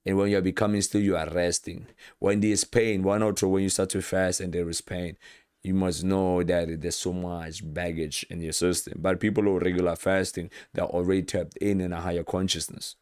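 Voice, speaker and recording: Low-voiced guy preaching, acts out the bible bits, dry close sound. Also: fairly quick, smooth, dry recording. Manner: animated, acts out Bible scenes with quoted voices, repeats words. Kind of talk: informal sermon.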